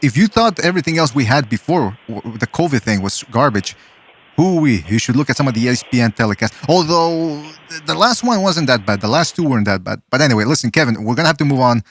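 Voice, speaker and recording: A man hosting a podcast and taking callers, talking in an excitable, chatty way and swearing casually. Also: medium pitch, fairly quick. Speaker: podcast host.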